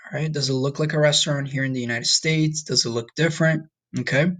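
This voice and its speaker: A man's voice: medium pitch, fairly even intonation, a bit bright. Casual man teaching a recorded lesson. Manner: casual, frequent "okay?" and "all right?" check-ins; slow, drawn-out modeling of Spanish words. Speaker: Spanish teacher.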